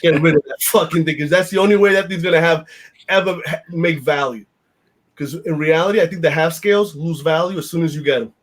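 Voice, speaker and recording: A man's voice: fairly high pitch, brisk. A man, hosting a casual podcast chat in a blunt, rambling, profane way with lots of fillers. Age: 50s. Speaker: podcast host.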